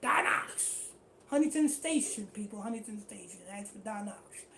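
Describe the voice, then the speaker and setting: A woman's voice: medium pitch, expressive, fairly quick, gravelly, mellow, slight background noise. A woman teaching a street-style scripture class in slangy, repetitive talk. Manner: slangy, repetitive, keeps saying "you know what I'm saying".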